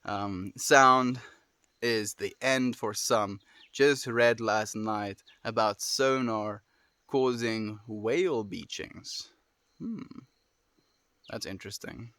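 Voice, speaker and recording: Gentle South African man, dry sound. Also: on the low side, takes it slowly, dry recording. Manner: gentle, affirming, soft trailing endings. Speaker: livestreamer. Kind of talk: casual livestream chat with viewers.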